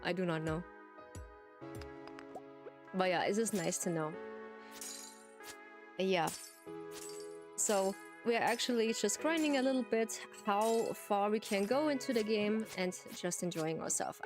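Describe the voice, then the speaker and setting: A native German speaker with an Austrian accent chats casually with viewers while streaming a game, giggling and often repeating herself. Her slightly high voice is unhurried with frequent pauses, heard over music.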